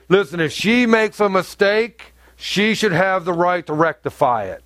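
Male pastor, high voice, emphatic sermon, big swings in pitch and loudness, dry close sound. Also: lively intonation, moderate pace, hardly any pauses, no echo. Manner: emphatic preaching with wide swings in pitch and volume.

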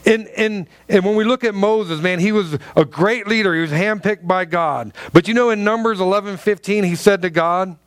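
High-voiced preacher, dry close sound. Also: male voice, moderate pace, few pauses, no room sound. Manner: storytelling preacher, repeats words when restarting. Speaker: pastor. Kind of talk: sermon.

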